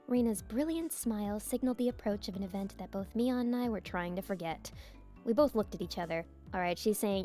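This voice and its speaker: A young woman streaming a visual novel, reading narration aloud softly and chatting with giggles in between. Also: mid-range voice, a little fast. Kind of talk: reading a game aloud with casual commentary. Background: game music.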